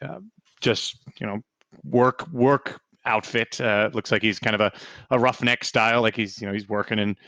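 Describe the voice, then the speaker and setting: A man's voice: on the low side, fairly even intonation, moderate pace, bright, forceful tone, no room sound. A man running a tabletop game as game master, narrating loosely with many fillers.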